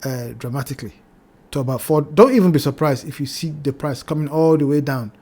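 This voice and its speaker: Guy going over crypto charts, mellow warm voice, keeps saying be careful and repeating himself. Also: on the high side, a little fast. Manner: cautionary, repeats phrases, addresses "ladies and gentlemen". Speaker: crypto trading channel host. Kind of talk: chart analysis talk.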